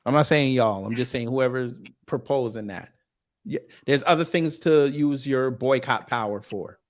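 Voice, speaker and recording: A man hosting a casual comedic talk show, loud and joking, teasing his co-host. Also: medium pitch, moderate pace, no echo, studio quality. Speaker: podcast host.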